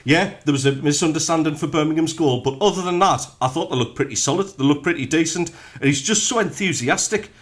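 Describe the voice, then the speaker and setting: A man's voice: on the high side, quick pace, hardly any pauses. A man with a Sunderland accent reading football headlines and then chatting bluntly as a radio co-host. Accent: Sunderland (Mackem). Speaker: radio co-host and news reader. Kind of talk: headline reading and casual sports chat.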